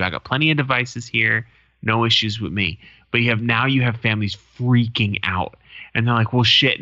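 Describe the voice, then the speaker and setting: A man's voice: medium pitch, bright, forceful tone, no room sound. A man in his thirties co-hosting a casual podcast, telling stories with a lot of swearing and acting out the people in them. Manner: profane storytelling, acts out quoted people. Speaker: podcast co-host. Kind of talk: casual chat. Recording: dull lo-fi sound.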